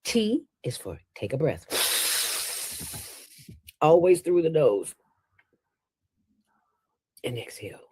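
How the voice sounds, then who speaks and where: A woman with a fairly low voice that swings widely in pitch, talking as an interview guest. She is playful and preachy and often leaps upward for emphasis. The sound is dry and close, with no room. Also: slow, pauses often, husky, no echo. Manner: animated, playful, preachy, with sudden jumps in pitch. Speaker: interview guest, nonprofit founder. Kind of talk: casual interview talk.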